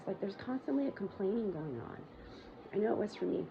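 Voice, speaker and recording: A woman hosting her own show tells a long personal story bluntly and ramblingly, full of profanity and fillers. She speaks quickly with lively intonation and a gravelly voice, on a muffled, low-volume recording with loud background noise.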